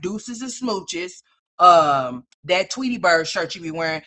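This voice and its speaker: Brash, profane woman ranting bright. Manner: profane, brash, scolding, heavy slang; animated, swings between loud and low. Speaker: commentary livestream host. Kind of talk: ranting commentary.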